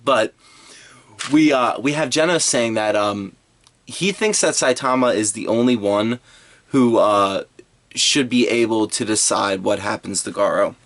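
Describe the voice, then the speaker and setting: A low-pitched man talking casually through a manga chapter. He rambles, restarts his sentences and fills the gaps with "uh" and "um.". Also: measured pace, a bit bright. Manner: rambling, with many fillers and restarts. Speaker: manga reviewer. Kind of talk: casual chat.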